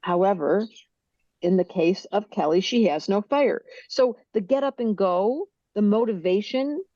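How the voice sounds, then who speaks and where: An older woman, a guest on a podcast, explaining things in a lively way and acting out little voices as she goes. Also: medium pitch, unhurried, no room sound, dull audio. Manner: animated, acts out little character voices. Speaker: astrologer guest. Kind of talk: podcast interview.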